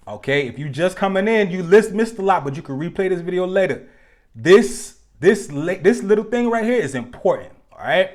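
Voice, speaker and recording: A man hosting a live relationship talk, speaking casually with slang and joking asides to his viewers, slowing down to stress key points. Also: high-pitched, lively intonation. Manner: loose and conversational, slang, joking asides to the chat.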